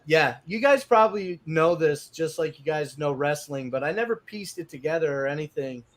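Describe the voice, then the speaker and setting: A man's voice: a little high, moderate pace. A man co-hosting a casual podcast chat, rambling and swearing as he talks. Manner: rambling, profane, excitable. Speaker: podcast co-host.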